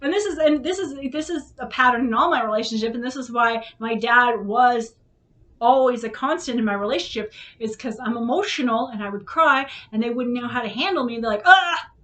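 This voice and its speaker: A woman's voice: fairly high pitch, brisk, a bit bright. A woman hosting a vlog, telling a personal story to her son in a frank, emotional way and swearing when upset.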